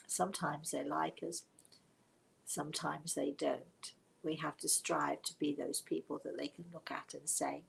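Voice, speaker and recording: Gravelly husky British woman telling stories. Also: low voice, little pitch movement, unhurried, low-quality recording. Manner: reflective and warm storytelling, with self-mocking laughs. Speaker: spiritual medium hosting a live show. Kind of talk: storytelling to a livestream audience.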